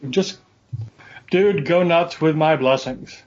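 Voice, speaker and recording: Man, slightly high voice, wry and dry, casual storyteller, lo-fi mic. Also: takes it slowly, a little mellow. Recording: dull lo-fi audio.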